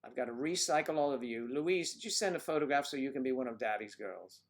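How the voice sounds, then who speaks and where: A man's voice: mid-range voice, expressive, quick pace. A man hosting a casual livestream, rambling and joking as he reacts to viewer comments. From United States. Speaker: livestream host.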